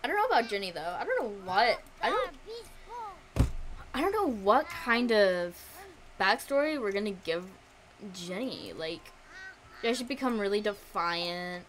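A woman's voice: medium pitch, sing-song, measured pace, long pauses. A young woman streaming a life-simulation game, chatting casually to her viewers and coaxing her characters along. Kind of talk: casual gameplay commentary.

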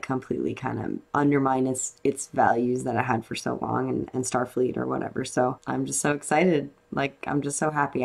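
A young woman hosting a reaction video, gushing excitedly in a casual review full of fillers. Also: rumbling low, vocal fry.

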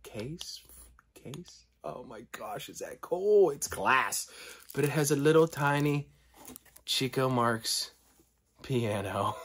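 A middle-aged man talking casually through an unboxing, excitable and often dropping to delighted whispers and gasps. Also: mid-range voice, slow, husky. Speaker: collector vlogger.

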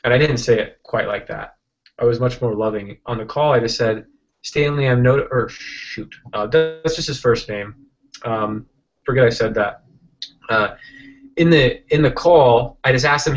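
A man as an interview guest, telling a rambling, animated story with many restarts and acted-out quotes over a video call. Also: medium pitch, normal speed, muffled recording. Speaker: interview guest, software entrepreneur.

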